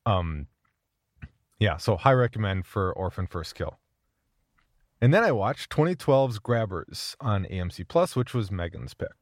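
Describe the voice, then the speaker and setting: A man's voice: lowish voice, lively intonation, a little fast, no room sound, studio quality. A young man from Minnesota with a Minnesotan accent, co-hosting a podcast in casual, rambling chat and laughing often. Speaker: podcast co-host.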